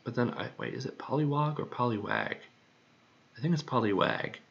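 A man's voice: mid-range voice, lively intonation, moderate pace, gravelly. A man thinking aloud while he works, muttering to himself and repeating words over and over. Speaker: creator working on a song. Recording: dull lo-fi recording.

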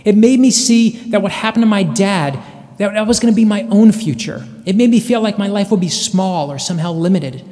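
A man in his forties delivers a commencement address with a notably high-pitched voice. He tells his stories earnestly and leans on dramatic pauses. The sound rings with the long reverb of a large hall. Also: darkish tone. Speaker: commencement speaker.

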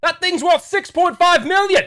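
A man voicing a pompous, wealthy company boss with a put-on British accent, shrill and blustery. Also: normal speed, bright, forceful tone, no room sound, clean studio sound. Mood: scoffing.

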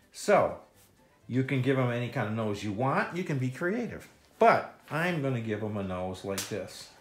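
A man's voice: mid-range voice, fairly bright tone. A man leading a kids' step-by-step drawing lesson, playful and jokey, with silly sound effects. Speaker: children's drawing instructor.

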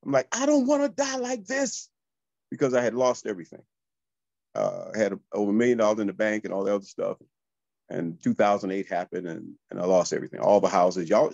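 A man, a real estate coach telling motivational stories to listeners in a lively, high-energy way. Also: vocal fry, no room sound, lo-fi sound. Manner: high-energy, animated, addresses listeners as y'all. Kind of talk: motivational storytelling.

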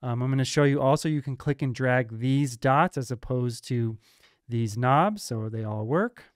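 A man hosting a music production tutorial, explaining software steps in a casual, upbeat way. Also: mid-range voice, normal speed, no echo, studio quality. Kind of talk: screen-recorded software tutorial.

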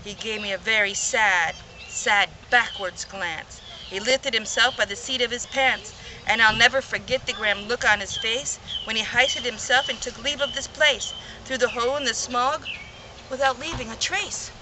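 A woman's voice: fairly high pitch, normal speed, noisy background. A woman reading a rhyming children's story aloud in a playful, rhythmic way. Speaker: reader.

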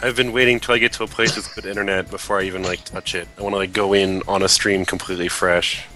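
A man's voice: low-pitched, little pitch movement, fast, bright, forceful tone, soft background music, poor audio. A laid-back man chatting on a game stream, chuckling and throwing out suggestions to the player. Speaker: co-host watching the stream. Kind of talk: casual let's play chat.

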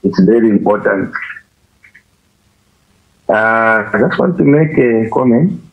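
A man calling in to a show, making his comment haltingly with many fillers. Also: lowish voice, lively intonation. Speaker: caller. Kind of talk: call-in comment. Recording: tinny phone line.

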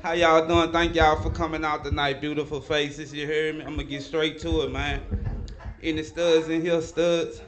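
A man doing stand-up on a club stage, loud and animated as he works the crowd. His voice sits a little high for a man, and he leans on repeated tag lines. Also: moderate pace. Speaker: stand-up comedian. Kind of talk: live stand-up comedy.

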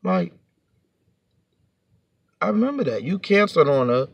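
A man's voice: sits high, sing-song, a little slow, creaky, slightly rough, no room sound. A man telling a storytime to his vlog audience in a heated, profane, rambling rant, sitting a bit back from the mic.

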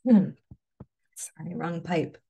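A woman reading a personal story aloud in a measured, low-key way, then presenting to an audience. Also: vocal fry, warm tone, breathy edge. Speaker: webinar presenter.

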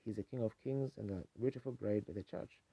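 A man's voice: fairly low pitch, fast talker, warm tone, husky, dry recording. A man preaching a sermon in a folksy, earnest storytelling manner, on a dull 1950s tape.

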